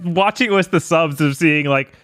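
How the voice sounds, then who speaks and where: A man's voice: fairly high pitch, normal speed, fairly bright tone, clear, resonant tone. A man co-hosting a podcast, adding amused, chuckling remarks in casual chat. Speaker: podcast co-host. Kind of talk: casual movie review chat.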